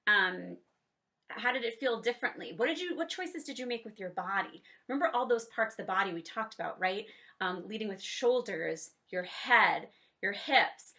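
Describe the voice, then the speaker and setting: A bright, lively woman teaches an online drama lesson for kids at a moderate pace. Encouraging as a children's theater teacher, she cues exercises with "ready, set, go" and demonstrates high, low and silly voices.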